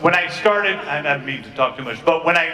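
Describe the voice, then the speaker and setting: A man's voice: fairly high pitch, expressive, a little fast, sharp tone. A man on a convention panel, talking in a reflective way with loose fillers. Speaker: film director on a convention panel. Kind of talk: panel talk. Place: large convention hall. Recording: echoey hall recorded from far off.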